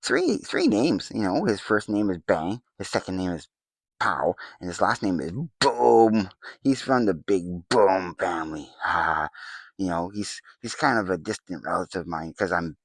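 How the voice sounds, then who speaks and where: A man's voice: sits low, very animated, unhurried, no echo, full character voice. A man voicing a sly, scheming male trickster spirit in a comedic monologue, whispering conspiratorially and then boasting gleefully.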